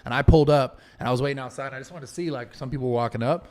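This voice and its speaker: A man hosting a casual podcast, telling stories quickly with a lot of swearing. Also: mid-range voice. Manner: quick, swearing, animated storytelling. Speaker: podcast host.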